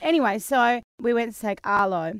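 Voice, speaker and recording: A woman's voice: a little high, moderate pace, clean tone, no room sound. An Australian woman in her thirties, telling a story in casual chat as a podcast co-host. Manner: chatty storytelling, animated.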